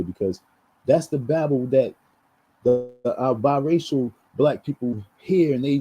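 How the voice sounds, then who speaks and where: A man's voice: medium pitch, normal speed, dark tone, slightly rough, low-quality recording. A man venting in a heated, repetitive rant on his vlog, full of restarts and slang. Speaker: vlogger.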